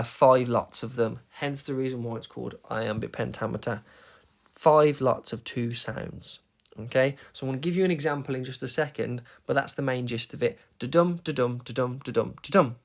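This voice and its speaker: Brief: male teacher, mid pitch, emphatic and steady, recorded lesson voice-over. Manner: emphatic, tapping out rhythms, frequent "okay?" check-ins. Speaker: English teacher.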